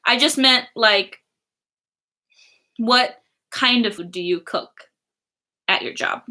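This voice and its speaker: Brief: young woman, livestream host, bright and slightly high voice, giggly and chatty. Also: slow. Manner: giggly, chatty, many fillers. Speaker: livestream host reading chat. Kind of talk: casual livestream chat.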